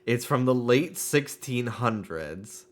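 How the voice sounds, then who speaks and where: A man's voice: medium pitch, expressive, takes it slowly. A man streaming a video game, joking and swearing in casual, rambling commentary.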